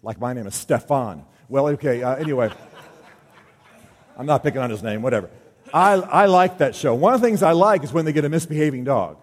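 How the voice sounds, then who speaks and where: A man addresses a room of men in a casual, joking way, slipping into the voices of people he quotes. His voice sits at an ordinary pitch. The sound rings with the long reverb of a large hall. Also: animated, fairly quick. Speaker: speaker at a men's gathering. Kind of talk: talk to a men's group.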